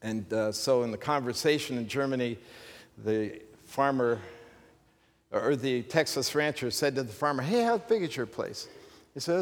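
A man's voice: mid-range voice, animated, moderate pace, big-room sound. A man preaching a sermon in a church, in a conversational style with humorous asides. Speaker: pastor. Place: church sanctuary.

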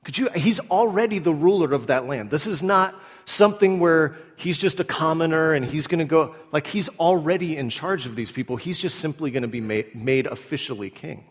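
A man preaching a sermon in a relaxed, conversational way, acting out little asides as he explains the passage. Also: fairly high pitch, big-room sound. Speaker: pastor.

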